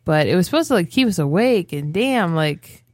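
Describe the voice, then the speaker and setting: A woman with a Midwestern American accent chats loosely on a podcast and jumps from one tangent to the next. Her voice sits at a middle pitch, and the recording is close and dry. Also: lively intonation, normal speed, a little mellow, dry recording. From Michigan. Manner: rambling, jokey, loses her train of thought. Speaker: podcast co-host. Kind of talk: casual chat.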